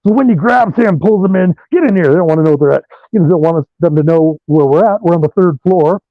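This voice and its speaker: High-voiced swearing rock guitarist. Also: male voice, quick pace, dry recording. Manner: animated, swears freely. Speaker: guitarist guest. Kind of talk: profane storytelling interview. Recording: dull lo-fi dry sound.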